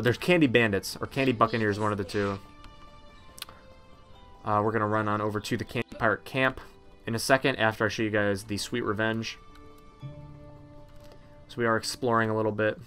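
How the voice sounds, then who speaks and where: A man's voice: lowish voice, fairly bright tone. A man casually narrating a game walkthrough, chatty and rambling with many ums and uhs. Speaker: gameplay narrator.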